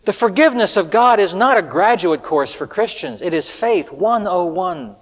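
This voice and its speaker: A man preaching an earnest sermon, with rhetorical questions and shifts between loud appeals and hushed lines. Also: high voice, lively intonation, moderate pace. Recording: echoey hall with long reverb.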